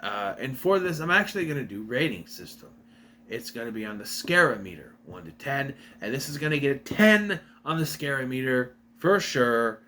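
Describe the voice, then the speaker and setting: A young man talks through a plot recap in a casual, rambling way, often stopping to correct himself. His voice is bright and lively, swinging up and down in pitch, with a faint hum in the background. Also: normal speed. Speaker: video reviewer.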